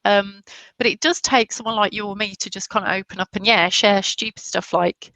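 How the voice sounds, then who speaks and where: A woman with a softened Black Country accent, a guest chatting casually in an interview, telling stories with many restarts and laughs. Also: medium pitch, fairly even intonation, a little fast, no room sound. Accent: Black Country English, softened. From Black Country, England.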